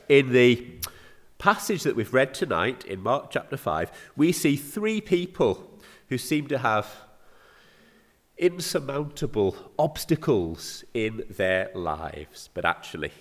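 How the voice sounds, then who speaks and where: A man with an English accent preaching a sermon, earnest and often asking his listeners rhetorical questions. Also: lowish voice. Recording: reverberant hall.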